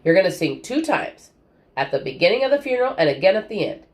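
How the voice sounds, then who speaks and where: A woman's voice: mid-range voice, sing-song, quick pace, voice pushed up, natural voice. A woman voicing a prim, fussy woman who bosses a child around with clipped instructions. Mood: bossy.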